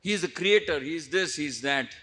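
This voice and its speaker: A man's voice: a little high, lively intonation, fairly quick, a bit bright. A man doing an insistent boy. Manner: insistent, lecturing. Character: earnest young boy warning a mother.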